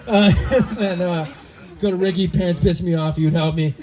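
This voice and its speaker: A man's voice: high-pitched, steady tone, moderate pace. A young man giving a rambling, joking wedding toast for his brother, slightly tipsy and laughing often as he talks into a handheld mic. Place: wedding reception party. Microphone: handheld microphone. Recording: noisy party crowd. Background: crowd chatter and laughter.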